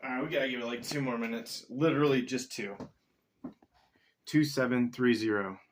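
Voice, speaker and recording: A man's voice: medium pitch, moderate pace, a little hiss or hum. A man talking casually to himself in a solo vlog, rambling as he reads definitions aloud and swears now and then. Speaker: vlogger.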